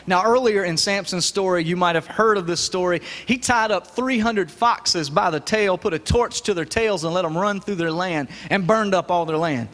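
High-voiced preacher in an echoey church. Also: male voice, moderate pace, few pauses. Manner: lively, folksy, joking with the congregation. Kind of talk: sermon. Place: church sanctuary.

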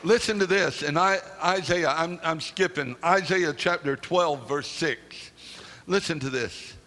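A man preaching with fervor, his voice set high and bright. He speaks slowly and repeats phrases, rising at times into shouts. The sound rings with long reverb from a large church hall. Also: a faint crowd, a little hiss or hum. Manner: fervent, repetitive preaching that swells into shouting. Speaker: pastor. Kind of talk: sermon. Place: church sanctuary.

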